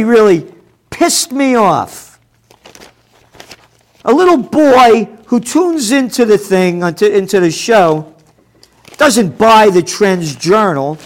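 A man hosting a forecasting show, delivering a combative, profane rant with loud bursts of shouting. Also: sits high. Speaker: host of a trend forecasting show. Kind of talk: ranting commentary.

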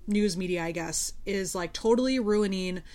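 A woman's voice: medium pitch, moderate pace, darkish tone. A young woman who teaches at a community college, co-hosting a podcast and telling candid stories in casual chat. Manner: candid storyteller, lots of fillers and quoted dialogue.

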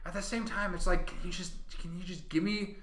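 A man's voice: sits high, steady tone, brisk, a bit bright. A man co-hosting a podcast, talking casually in a rambling, profane way full of fillers. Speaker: podcast co-host. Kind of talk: casual chat. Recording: roomy echo.

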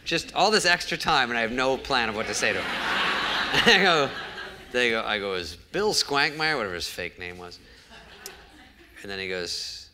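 A guest comedian with a voice on the low side, animated and sharp at a normal speed, tells a show-business anecdote onstage before a live audience. He acts out each quoted exchange, and a little hiss or hum can be heard.

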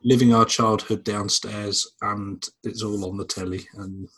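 A man hosting a podcast in casual chat, a bit tipsy after a few beers, relaxed and swearing as he rambles. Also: on the low side, unhurried, breathy edge, rough recording. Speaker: podcast host.

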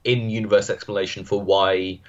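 A man's voice: on the low side, little pitch movement, a little fast. A man co-hosting a podcast in casual chat, thoughtful and analytical. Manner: thoughtful, analytical, frequent restarts. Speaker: podcast co-host. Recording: dull lo-fi sound.

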